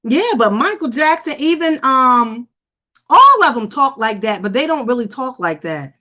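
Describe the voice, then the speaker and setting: A woman hosting a casual live stream, chatting and reacting in an animated, talkative way. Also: high-pitched, moderate pace. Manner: chatty, animated, imitates voices for effect. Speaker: host.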